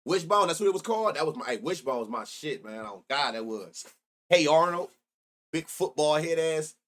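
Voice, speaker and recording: A man's voice: a little high, expressive, normal speed, a bit bright. Profane, loose-talking man hosting a stream. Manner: loose, profane, reminiscing, reacting to chat. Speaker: sports betting show host. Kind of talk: casual live-stream chat.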